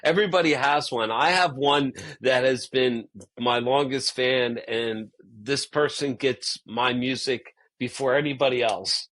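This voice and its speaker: A man's voice: mid-range voice, fairly bright tone, dry recording, rough recording. Man, tired and giddy, upbeat, stumbling restarts, casual chat, dry close sound. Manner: upbeat, halting with restarts and fillers. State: sleep-deprived and giddy. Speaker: guest musician. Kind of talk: casual conversation.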